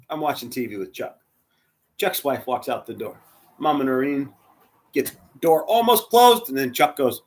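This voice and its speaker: A man leading a church, telling a heartfelt personal story in a sermon, dropping to a hush and rising loud as he acts out the quotes. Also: medium pitch, animated, moderate pace. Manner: emotional, swings from hushed to loud, acts out quotes. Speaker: church spiritual leader.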